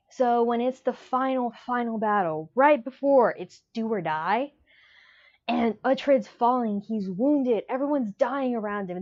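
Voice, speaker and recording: A gushing, emotional woman talks through a book she loves in a casual review vlog, rambling from one point to the next. Her voice sits a little high, and the recording sounds dull and lo-fi. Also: darkish tone.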